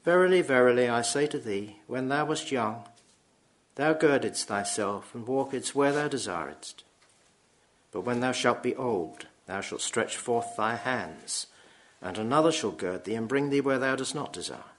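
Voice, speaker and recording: A man's voice: medium pitch, expressive, a little hiss or hum. Solemn man reading scripture. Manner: slow, solemn reading with throat-clearing. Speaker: preacher.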